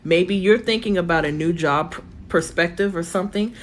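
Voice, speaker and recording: A woman giving a live-stream tarot reading from her phone, chatty and reassuring, thinking aloud with lots of fillers, her voice going hoarse. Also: fairly low pitch, normal speed, a little hiss or hum. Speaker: tarot reader.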